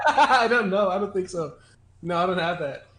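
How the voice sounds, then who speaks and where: A man's voice: sits high, very animated, measured pace, a crowd in the background. A man in casual live-stream chat, trading wry, laughing banter.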